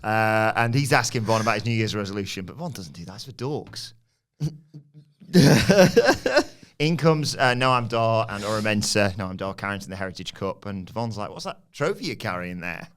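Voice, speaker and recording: A man on a podcast, recapping a wrestling show and acting out quotes with loud shouts and laughs. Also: on the low side, animated, moderate pace. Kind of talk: casual chat.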